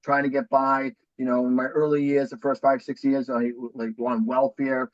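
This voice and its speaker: With a mid-range voice, little pitch movement and a moderate pace, a man in his forties tells his story as a podcast guest in a casual interview. He's from New Hampshire with a thick Boston accent and is upbeat, talkative and self-deprecating, captured in a dry recording with dull audio.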